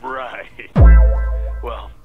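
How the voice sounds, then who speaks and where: A man's voice: very slow, fairly bright tone, faint music behind. An actor playing a male mission-control radio operator who gives briefings in a businesslike tone. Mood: matter-of-fact.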